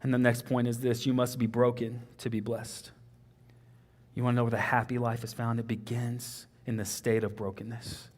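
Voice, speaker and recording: A man's voice: medium pitch, level tone, moderate pace, darkish tone. A young man with a Texan accent preaching a sermon in an earnest, conversational way, often saying "man" and "like".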